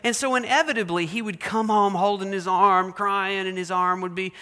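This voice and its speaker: High, bright-voiced preacher in a hall. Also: male voice, moderate pace. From Oklahoma. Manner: animated storyteller, builds excitement then drops to earnest. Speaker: pastor. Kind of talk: sermon. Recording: long hall reverb.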